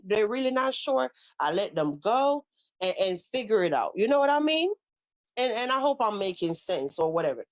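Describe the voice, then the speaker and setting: A woman with a Southern US accent hosting a casual live stream, talking bluntly and with plenty of swearing as she speaks straight to her chat. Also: mid-range voice. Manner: blunt, profane, addresses chat directly. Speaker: livestream host.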